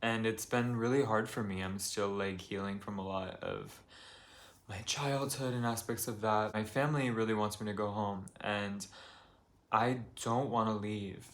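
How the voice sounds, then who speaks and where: A young man from the United States speaks in a calm, fairly low voice, recording a confessional vlog in his apartment. He rambles softly, piling up fillers as he talks things through. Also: moderate pace. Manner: calm, soft-spoken, rambling with many fillers. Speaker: vlogger.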